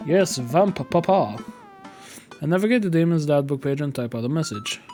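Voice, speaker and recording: A man's voice: on the high side, expressive, normal speed, darkish tone, soft background music. A young man streaming a game, chatting casually and reading its text aloud, swearing now and then. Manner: casual, swears, reads in a rush.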